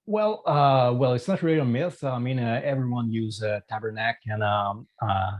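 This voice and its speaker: A man from Quebec with a Quebec French accent appears as a guest musician in a casual interview, speaking hesitantly with many fillers and restarts. His voice is mid-range and his speed normal.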